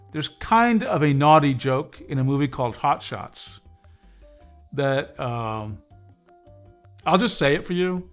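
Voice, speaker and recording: A man hosting a casual livestream, chatting with viewers in a rambling way full of fillers and restarts. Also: a little high. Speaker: livestream host reviewing drawing tablets.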